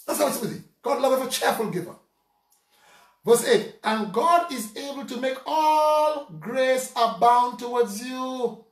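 Saint Lucian male preacher, animated conversational sermon, picked up from a distance in a roomy space. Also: extremely high pitch, measured pace. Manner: lively, conversational preaching with rhetorical questions. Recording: roomy sound from off mic.

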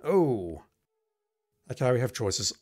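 A man's voice: mid-range voice, very animated, slow pace, darkish tone, soft background music. A man playing through an old adventure game, reading its text aloud with wry, self-deprecating asides. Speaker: let's play gamer.

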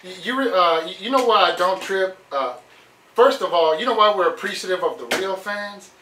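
A man's voice: sits high, normal speed, distant mic. A man co-hosting a live stream, reading comments and joking casually, with lots of "you know what I'm saying". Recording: echoey room, voice off-mic, faint noise.

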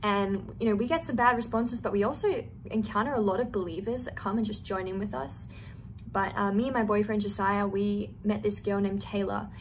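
A woman's voice: medium pitch, steady tone, fairly quick, slight background noise. A young woman telling a personal faith testimony in an earnest, storytelling way, with casual fillers. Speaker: youth testimony speaker.

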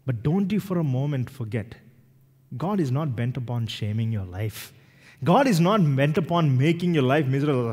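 A man from India, a pastor preaching a sermon, animated and acting out little dialogues with self-deprecating humor. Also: a little high, normal speed, husky. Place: church sanctuary. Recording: reverberant church hall.

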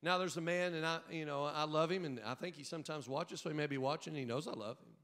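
A man preaching as a pastor in a church, emphatic and calling for the congregation to repeat after him, sometimes rising to a shout. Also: a little high, fast. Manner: emphatic, call-and-response preaching, at times shouting. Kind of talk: sermon. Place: church sanctuary. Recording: long hall reverb.

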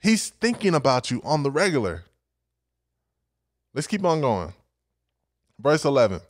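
A man preaching to young adults, reading scripture and telling stories in a conversational, energetic way. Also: mid-range voice, measured pace, long pauses, dry recording, clean studio sound. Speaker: young adult ministry speaker.

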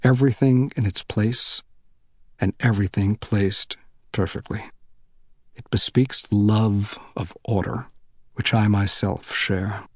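A man voicing a tall, severe but gracious older rabbi who speaks softly and with deliberate care. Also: on the low side, steady tone, slightly rough, no echo, studio quality, heavily acted. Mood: gracious, measured. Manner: soft, measured, deliberate speech.

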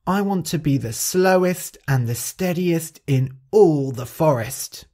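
A man voicing a boastful, fast young male rabbit in a storybook, talking cocky and impatient. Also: medium pitch, expressive, dark tone, voice pushed up. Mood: humble.

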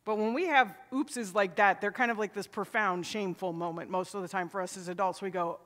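High, bright-voiced preacher in a reverberant church. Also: male voice, fairly even intonation, a little fast, few pauses. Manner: conversational, asks the congregation rhetorical questions. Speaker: pastor. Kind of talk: sermon. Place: church sanctuary.

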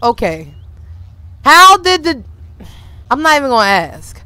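A woman streamer giving casual, animated, slangy commentary to her viewers while playing a life-simulation game. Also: high-pitched, a little slow, no room sound. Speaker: gaming streamer.

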